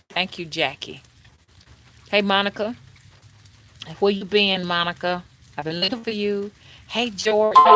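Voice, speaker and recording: A woman hosting a casual livestream as a spiritual reader, chatting and greeting viewers by name in a drawn-out, friendly way. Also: mid-range voice, a bit bright.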